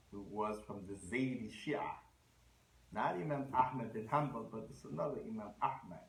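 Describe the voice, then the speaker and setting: A man's voice: mid-range voice, reverberant, rough recording. A man giving a conversational religious lecture, mixing in Arabic phrases and restarting his sentences. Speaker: Islamic lecturer.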